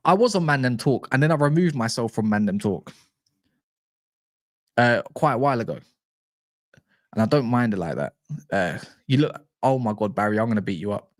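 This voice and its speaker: A man hosting a football livestream, chatting casually and reading live comments in a slangy, animated way, often restarting and stumbling over names. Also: mid-range voice, normal speed, pauses often, no room sound, studio quality.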